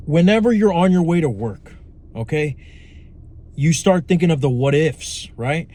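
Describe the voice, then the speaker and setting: A man's voice: fairly high pitch, lively intonation, unhurried, mellow. A young man giving a casual, profane, rambling talk on manifestation, blunt and full of asides. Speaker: manifestation coach. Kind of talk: casual monologue to camera.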